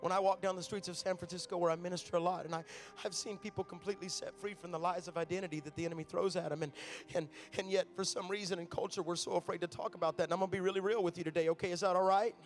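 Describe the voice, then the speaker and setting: A man's voice: high-pitched, flat delivery, rapid-fire, hardly any pauses, faint music behind. A man, a traveling minister, preaching a sermon from a stage in a large room, telling stories in a conversational way.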